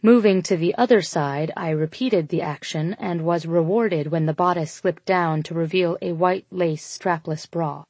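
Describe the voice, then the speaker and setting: Give me a woman with a lowish voice reading a first-person story, steady and intimate, dry and close to the mic. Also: a little slow, hardly any pauses, dry recording. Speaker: audiobook narrator. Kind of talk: scripted first-person narration.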